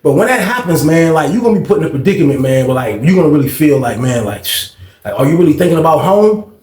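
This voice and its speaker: A young man casually telling a story in slang, animated and acting out the voices of others. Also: fairly high pitch, fast talker, reverberant.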